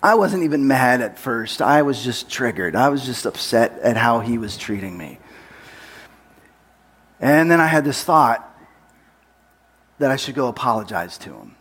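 A man's voice: mid-range voice, lively intonation, unhurried, pauses often, a bit bright, husky. A man preaching, telling a personal story in a candid, self-deprecating way with light laughter. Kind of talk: sermon storytelling.

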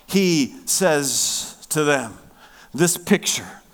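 A man preaching a sermon, emphatic, swinging from loud stressed words down to hushed near-whispers. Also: a little high, animated, extremely slow. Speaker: pastor.

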